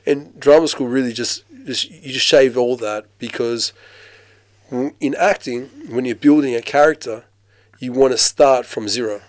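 A man who grew up in Australia, a working actor, telling his story in a casual interview with lively mimicry and frequent restarts. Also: mid-range voice, normal speed, no echo. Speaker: actor, guest.

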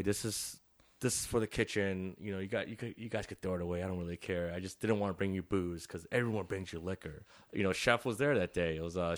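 A middle-aged man, a visual artist, telling a story in a casual interview, swearing often and laughing through his sentences. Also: on the low side. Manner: profane, laughing, animated storytelling.

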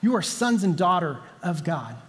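Man, pastor, sermon, high voice, conversational, repeats for emphasis, long hall echo. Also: sing-song, normal speed. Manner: conversational storytelling, emphatic repetition.

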